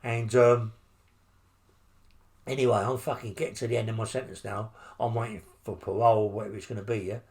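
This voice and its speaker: A lowish, level, rather dark voice, fairly quick, belongs to an older London man, a former criminal from England. He recounts his time in prison for an interviewer, rambling bluntly and peppering his talk with curses and tag questions.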